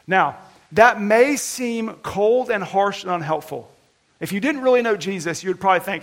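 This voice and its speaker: A man with a high, gravelly voice delivers a sermon. He speaks earnestly and conversationally, lifting his voice when he acts out quotes. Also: moderate pace. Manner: earnest, conversational preaching with animated retold quotes. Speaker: pastor.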